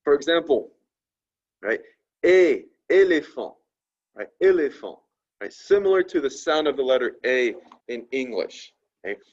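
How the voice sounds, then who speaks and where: A man teaching a French lesson, constantly checking in with "right?" and slowly repeating French words for students to copy. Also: mid-range voice, animated. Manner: tags sentences with a questioning "right?". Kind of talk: classroom lesson. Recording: dull lo-fi recording.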